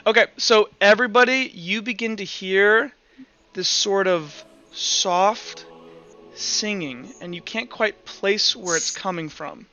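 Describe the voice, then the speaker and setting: A game master narrating a tabletop role-play, casual and loose, in a fairly high, sharp, bright voice. The recording is somewhat dull, with faint music playing behind him. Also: male voice, slow pace. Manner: casual, with fillers and restarts.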